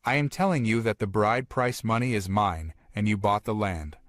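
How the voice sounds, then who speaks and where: A man's voice: lowish voice, normal speed, fairly bright tone, dry recording, close to an everyday voice. A male narrator voicing an angry, scheming young woman in a comic story, with accusing lines. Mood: indignant. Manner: indignant, accusing.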